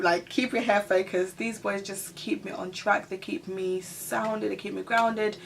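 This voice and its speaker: A woman's voice: medium pitch, steady tone, moderate pace, gravelly, hardly any pauses, a bit bright, recorded from a distance, slight background noise. A woman in her thirties, a mother, chatting casually to her viewers in a Q&A tag video, laughing often. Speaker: vlogger.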